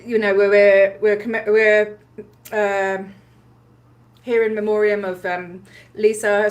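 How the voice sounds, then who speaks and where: Chatty and animated, an Australian woman recaps a story on a casual livestream, laughing often and using plenty of fillers. She's an activist who hosts livestreams, and her voice sits at a medium pitch.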